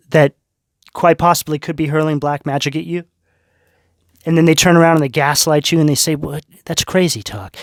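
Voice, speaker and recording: A man's voice: fairly high pitch, dry recording, clean studio sound. A man giving a tarot reading to his viewers, talking in an earnest, spiritual way and checking in often with "right?" and "okay?". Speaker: tarot reader.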